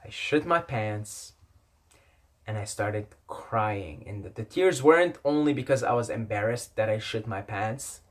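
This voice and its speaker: A man's voice: lowish voice, expressive, a little slow. A young man whose first language is not English, telling a personal story in a rambling, repetitive way and swearing often. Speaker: vlogger. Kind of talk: casual storytelling.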